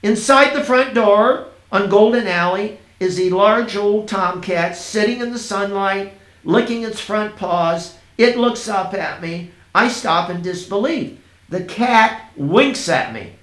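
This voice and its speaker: A man reading his own first-person story aloud, in a dreamy, unhurried storytelling manner. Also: sits high, a bit bright. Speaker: narrator. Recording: roomy echo.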